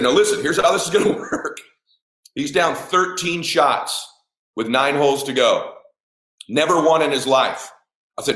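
An animated middle-aged dad speaks a little fast as he emphatically shares a personal story, the room echoing around him. Swearing comes often, he acts out what people said, and the big moments break into shouts.

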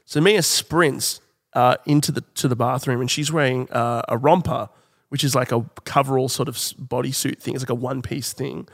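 A man, co-hosting a podcast and telling a long story in casual chat, laughing often and slipping into high girly voices for quotes. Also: fairly even intonation, moderate pace, creaky, fairly bright tone, long reverb tail. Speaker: podcast co-host.

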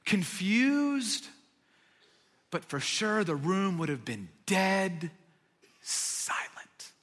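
Bright-voiced preacher in a reverberant hall. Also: male voice, sits high, very animated, very slow. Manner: dramatic storytelling, voice swelling and dropping to near whispers. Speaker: pastor. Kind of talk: sermon.

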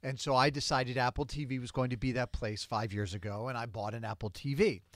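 A man hosts a casual podcast, talking things through at length. His voice sits at a middle pitch. The studio sound is dry and close. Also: fairly even intonation, a little fast, dry recording. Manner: chatty, explains at length. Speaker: podcast host.

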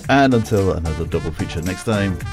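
A man's voice: low-pitched, expressive, a little fast, over music. A man hosting a film review podcast, chatting casually and laughing often as he talks. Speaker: podcast host.

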